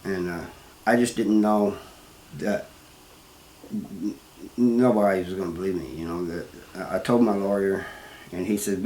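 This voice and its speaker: A man telling his own story in a plain, halting way, full of restarts and "you know.". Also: sits low, dark tone. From Missouri, US. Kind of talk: first-person storytelling. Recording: roomy, with faint background noise.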